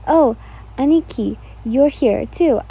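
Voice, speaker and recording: Woman voicing cheerful younger boy, sweet, lighter pitch. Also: takes it slowly, creaky, warm tone, slightly rough, heavily acted.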